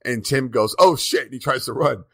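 A man co-hosting a podcast, briskly retelling a TV episode in casual chat and laughing often. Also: medium pitch, steady tone, a bit bright, slight background noise. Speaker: podcast co-host.

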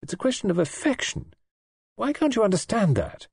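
A man's voice: sits high, huge pitch swings, a little fast, creaky, husky, no echo, clean studio sound, voice pushed up, full character voice. A man reading an audiobook and voicing a troubled, evasive young husband in a clipped, offhand way. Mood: curt.

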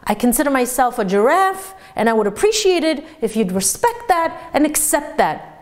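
A man's voice: very high voice, very animated, moderate pace. A woman acting out a young male college student who earnestly insists on being treated as a giraffe.

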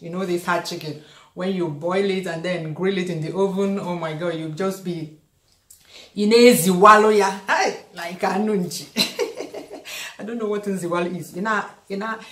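A woman's voice: on the low side, a bit bright, roomy sound. A middle-aged woman with a Nigerian accent, chatting and telling stories while she demonstrates her cooking, laughing often. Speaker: cooking vlogger. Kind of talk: casual cooking demonstration and storytelling. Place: home kitchen.

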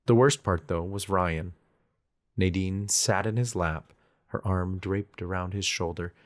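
A man's voice: sits low, unhurried. A man narrating a romance audiobook in first person with an intense, dramatic delivery.

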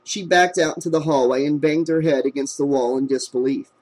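A man narrating a horror novel in a steady, measured reading voice. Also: on the high side. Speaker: audiobook narrator. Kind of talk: scripted narration.

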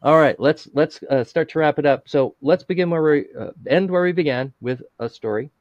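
A man's voice: fairly high pitch, a little fast, darkish tone, no echo, lo-fi sound. A man hosting an interview show, talking in a rambling, casual way with lots of fillers and chuckles over a video call. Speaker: podcast host.

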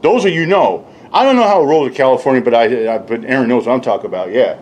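Man, casual profane rant, rambling and mocking, animated swinging pitch, faint background hiss. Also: quick pace. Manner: mocks others in high put-on voices. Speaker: YouTube commentator.

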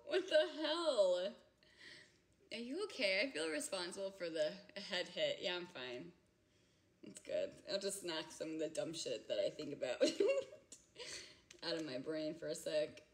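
A woman in her thirties chatting casually with viewers on a livestream from home. She is giggly and chatty, and she often breaks into loud laughter. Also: low voice, expressive, moderate pace. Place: home, indoors.

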